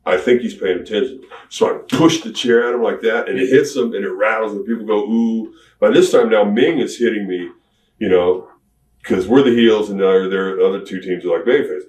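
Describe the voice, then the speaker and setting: A middle-aged retired pro wrestler tells stories in a candid sit-down shoot interview, drawling and animated as he acts out what people said. His voice is on the low side and fairly quick. The mic sounds distant in a roomy space with faint ambience.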